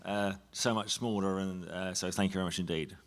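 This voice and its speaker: A man's voice: low-pitched, fairly even intonation, brisk, very noisy. An English man from England, a guest on a convention panel, telling a story live with lots of fillers, restarts and giggly asides.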